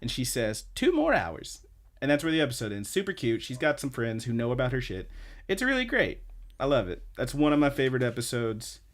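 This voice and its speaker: A young man co-hosting a casual podcast, retelling scenes with excited, profane chatter full of "like". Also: mid-range voice, fast talker. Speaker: podcast co-host.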